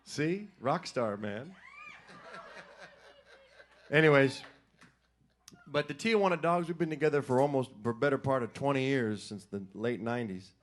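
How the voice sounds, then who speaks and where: A man's voice: mid-range voice, lively intonation, a little slow, long pauses. A middle-aged man fronting a band, chatting and joking with a live audience between songs on a stage mic. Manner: joking, chatty, breaks into sung examples. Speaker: singer and frontman. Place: live music venue stage.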